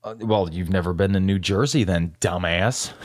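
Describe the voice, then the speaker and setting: A man's voice: normal speed, a little hiss or hum. A man co-hosting a casual movie podcast, teasing his partner and swearing freely. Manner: lively, profane, teasing banter with swings in pitch. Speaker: podcast co-host.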